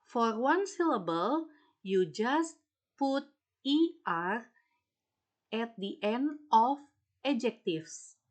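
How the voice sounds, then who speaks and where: A woman with an Indonesian accent, a native Indonesian speaker, teaching an English lesson slowly and repeating each point in Indonesian. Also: fairly high pitch, very animated. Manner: slow, explains in English then repeats in Indonesian. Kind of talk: recorded classroom lesson.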